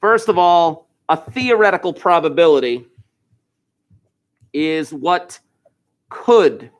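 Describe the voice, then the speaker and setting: A middle-aged man from New Jersey, a high school math teacher giving a classroom lecture full of chatty, enthusiastic asides. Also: slow pace.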